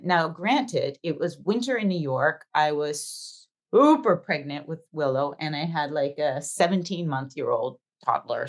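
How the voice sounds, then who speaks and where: A middle-aged woman with a somewhat low-pitched voice tells a long personal story in relaxed podcast chat. She slips into the voices of the people she quotes and gives her retelling plenty of animation. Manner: animated storyteller acting out dialogue. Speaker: podcast co-host. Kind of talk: casual chat.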